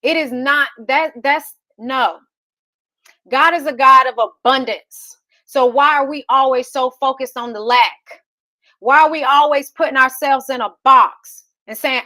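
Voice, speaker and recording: A woman's voice: high voice, measured pace, bright, forceful tone, no echo. A woman in her thirties, a real estate host, giving a fired-up motivational talk full of rhetorical questions.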